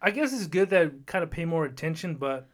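A man co-hosting a casual podcast chat, rambling and lively, full of fillers and restarts. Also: a little high, fairly quick. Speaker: podcast co-host.

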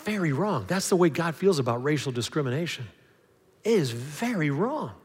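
A man preaching in a relaxed, chatty style, slipping into short acted exchanges and stumbling over restarts. His voice sits a little high for a man. A long, lingering reverb fills the large hall around him. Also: normal speed, slightly rough. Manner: conversational, acts out little dialogues, frequent restarts. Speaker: pastor. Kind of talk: sermon.

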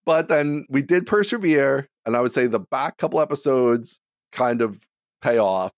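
A man's voice: medium pitch, animated, moderate pace, no echo, clean studio sound. A man co-hosting a casual podcast over a remote call, easygoing and thinking aloud. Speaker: podcast co-host. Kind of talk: casual chat.

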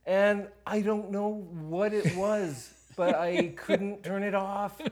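A man's voice: high-pitched, steady tone, slow, darkish tone. A married man chatting casually on a podcast, hesitant and stammering as if embarrassed. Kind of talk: casual chat.

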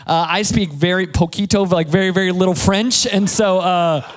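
A man, a pastor preaching a sermon in a relaxed, joking, storytelling way. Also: high-pitched, moderate pace. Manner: conversational, playful storytelling with self-deprecating jokes.

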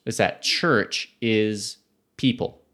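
A man's voice: fairly low pitch, animated, takes it slowly, fairly bright tone. A man co-hosting a casual podcast, explaining ideas and laughing easily. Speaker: podcast co-host.

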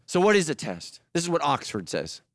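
A man delivers a sermon with lively, humorous storytelling, jumping between loud, high bursts and low, quiet emphasis. His voice sits a little high for a man. The sound is dry and close, with no room around it. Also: fairly quick, no echo. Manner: animated, humorous storytelling with acted-out quotes. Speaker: pastor.

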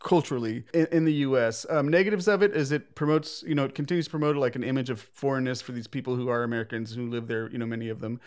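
A man's voice: medium pitch, fairly even intonation, darkish tone, clear, resonant tone. A man hosting a casual podcast chat and leading the ranking with an enthusiastic manner. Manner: quick, enthusiastic, leads the ranking. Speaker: podcast host.

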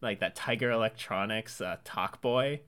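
A man's voice: lowish voice, moderate pace, a bit bright, clean tone. A man co-hosting a casual film podcast, explaining details in a chatty way with frequent fillers. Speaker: podcast co-host.

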